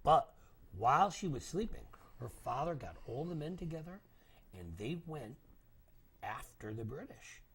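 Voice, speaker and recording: An older man telling a story to children, dramatic and animated, dropping to whispers and acting out voices. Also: on the high side, unhurried, slight background noise.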